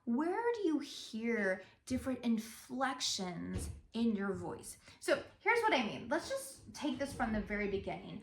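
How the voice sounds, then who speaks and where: A woman with a high, bright-pitched speaking voice guides a singing lesson at an unhurried pace. She is patient and encouraging, and she speaks lyric lines aloud to model the phrasing. The sound is roomy, with a faint bed of music behind her. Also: big pitch swings. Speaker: singing teacher. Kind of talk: vocal lesson with spoken demonstrations. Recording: roomy, echoey room.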